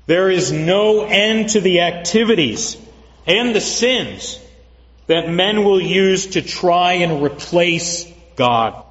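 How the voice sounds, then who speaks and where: A man preaching a sermon as pastor, earnest and measured, repeating phrases for emphasis. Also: high voice, expressive, a bit bright. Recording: dull lo-fi recording with long hall reverb.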